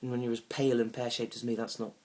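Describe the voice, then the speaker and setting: A young man telling a comic story about a bad date, awkward and rambling, now and then bursting into loud indignant rants. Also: medium pitch, flat delivery, quick pace. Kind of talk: deadpan comic monologue.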